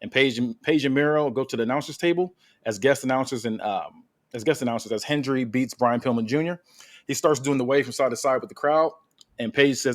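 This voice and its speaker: A man's voice: medium pitch, brisk. A man hosting a podcast, casually reading out a wrestling story with many fillers. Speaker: podcast host.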